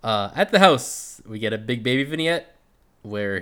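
Podcast co-host, man, laid-back recap voice, curses casually, mid-pitch. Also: lively intonation, fairly quick, fairly bright tone, clean tone. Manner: laid-back, swears freely, trails off.

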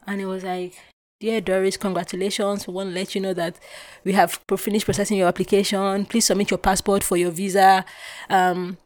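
Animated and emotional, a young woman from Nigeria hosts a podcast and tells a personal story, switching voices to act out each exchange. Her voice sits at a middle pitch and moves from loud bursts to quiet drops. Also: brisk. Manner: animated, emotional retelling with acted-out quotes. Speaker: podcast host.

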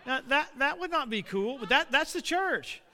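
A middle-aged man preaching a sermon, animated and building to shouts. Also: very high voice, normal speed. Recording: long reverb of a hall.

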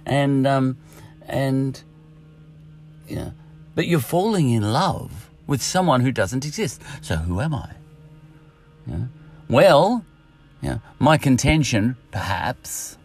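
A man's voice: mid-range voice, big pitch swings, slow, long pauses, breathy edge, faint music behind. A middle-aged Australian man hosting a solo podcast, rambling in a jokey, self-mocking way. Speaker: podcast host.

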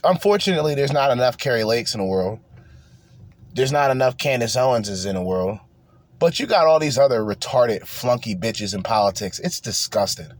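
A man's voice: medium pitch, expressive, normal speed, dry recording. A young man from New Jersey, hosting a podcast, delivers a rambling, profane and heated political rant in a casual tone. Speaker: podcast host.

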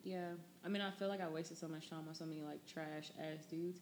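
Young woman podcast host, casual, filler-heavy, lower register. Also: fairly even intonation, a little fast, a little mellow, slight background noise. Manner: loose, chatty, many fillers. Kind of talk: casual chat.

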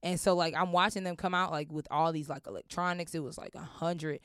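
A woman's voice: low-pitched, fairly quick, smooth, no room sound, studio quality. A young woman, telling a personal story casually, acting out voices and swearing freely. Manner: animated, acts out voices, swears often.

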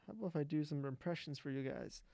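Mellow-voiced man chatting offhand. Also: on the high side, fast, vocal fry, no echo. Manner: offhand, rambling, repeats words. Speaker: podcast guest. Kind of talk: casual chat.

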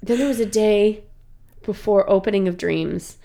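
Brief: woman in her thirties, improv actor type, gravelly edge to the voice, animated storyteller. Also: mid-range voice, moderate pace. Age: 30s. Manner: animated storyteller, laughs often. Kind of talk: casual chat.

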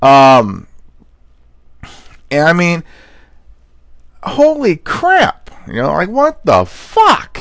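This man's voice is on the high side and fairly bright, swooping wildly in pitch while he talks extremely slowly with long pauses. Hosting a laid-back show reacting to viral clips, he rambles profanely through funny emergency calls, stumbling over words and repeatedly asking "okay?" There's no echo.

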